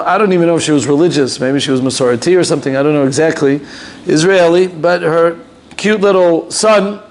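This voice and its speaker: Animated male rabbi telling a story. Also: a little high. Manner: animated storyteller, loose, with fillers and asides. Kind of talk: storytelling lesson.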